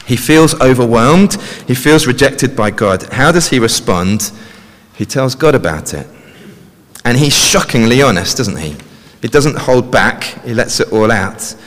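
A man's voice: medium pitch, lively intonation, measured pace. A man preaching a sermon in a conversational way, often ending points with tag questions. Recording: long reverb of a large hall.

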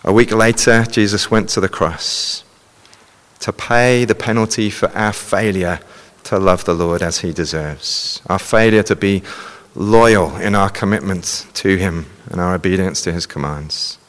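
A man's voice: low voice, steady tone, unhurried, fairly bright tone, big-room sound. A man preaching a sermon, earnestly explaining and reading scripture passages aloud to a congregation.

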